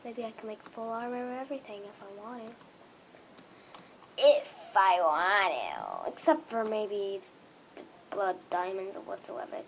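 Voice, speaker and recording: A young gaming creator commenting excitedly on their own play, with gushing, squealing bursts of excitement. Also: mid-range voice, a little fast, a little hiss or hum, rough recording.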